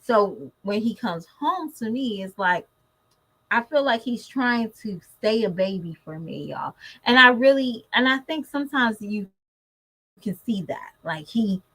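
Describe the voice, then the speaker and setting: Woman, casual vlogger mom, animated, chatty, speaks straight to her audience. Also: a little high, measured pace, poor audio. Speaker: mother vlogger. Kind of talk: casual chat to camera.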